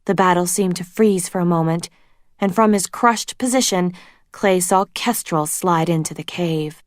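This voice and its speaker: A woman reading a storybook aloud in steady, unhurried narration. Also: fairly low pitch, no room sound, studio quality. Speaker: reader.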